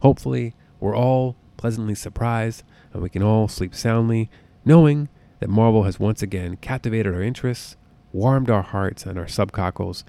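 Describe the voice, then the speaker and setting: A man hosting a solo podcast, talking casually in an excitable, jokey, profane way. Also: on the low side. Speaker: podcast host. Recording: close podcast mic.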